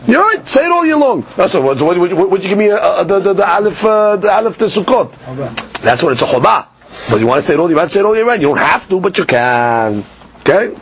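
High-voiced man teaching Talmud. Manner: explains text line by line, stumbles and repeats. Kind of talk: Talmud study lesson. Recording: dull lo-fi recording with faint noise.

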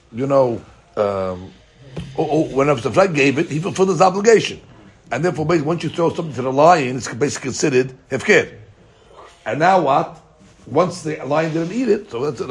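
A man teaching a daily Talmud class, an animated storyteller who mixes Hebrew and Aramaic into his English. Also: a little high.

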